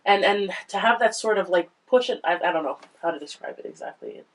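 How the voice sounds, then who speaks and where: A woman panellist on a podcast, talking through a children's book in a thoughtful, halting way. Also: on the low side, animated, rough recording. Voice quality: halting, restarts often, thoughtful. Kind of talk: casual book discussion.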